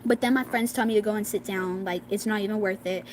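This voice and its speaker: A woman's voice: medium pitch, steady tone, quick pace, slight background noise, rough recording. A young girl telling a school drama story in a casual, rambling way, full of fillers, acting out what her classmates said. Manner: rambling, many "like"s, acts out quoted classmates. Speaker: vlogger.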